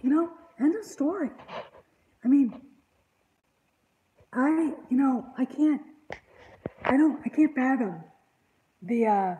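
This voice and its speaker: A woman's voice: high voice, expressive, slow, long pauses, warm tone, highs cut off. A woman hosting an online channel, rambling in casual panel chat with an exasperated, indignant tone.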